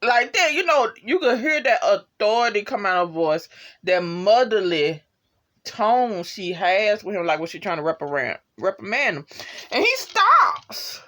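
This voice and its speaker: A woman's voice: medium pitch, a little slow. A woman giving a casual, slangy spoken review of a TV episode, full of asides and acted-out lines. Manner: animated, slangy, acts out characters' lines.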